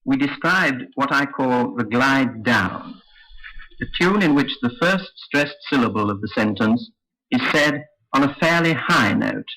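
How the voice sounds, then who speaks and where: A man teaching English intonation in a slow, careful, scripted lesson. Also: mid-range voice, expressive, sharp tone, low-quality recording. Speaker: phonetics teacher. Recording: old lesson recording.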